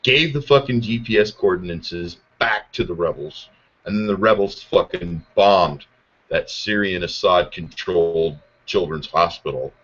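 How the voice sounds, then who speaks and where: A podcast host launches into a profane political rant, angry and sarcastic, swearing constantly. His low, slightly bright voice keeps a measured pace, and the lo-fi audio is muffled.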